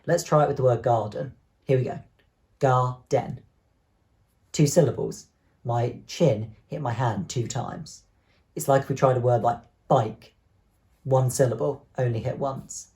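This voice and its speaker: Young man, teacher, online lesson for kids, clear encouraging step-by-step delivery, mid pitch, dry recording. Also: normal speed, mellow, dry recording. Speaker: primary school teacher.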